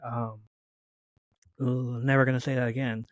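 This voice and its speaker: A man's voice: medium pitch, moderate pace, no echo. A man co-hosting a casual podcast chat, telling stories animatedly and acting out what friends said, with some swearing. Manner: animated storytelling, acts out quoted friends, swears. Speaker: podcast co-host.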